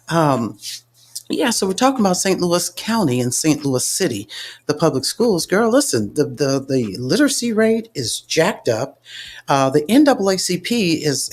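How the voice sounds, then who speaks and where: A man with a slightly raised voice runs a casual live audio chat. He talks loosely and chattily, full of fillers and restarts, and leans into a lilt. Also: a little high. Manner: chatty, many fillers and restarts, calls guest girl. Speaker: host of a live audio space.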